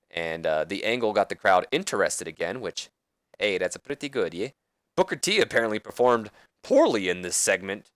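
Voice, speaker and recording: A man's voice: fairly low pitch, fairly bright tone, dry recording. A man casually commenting on his wrestling management game, rambling and correcting himself as he goes. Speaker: let's play host.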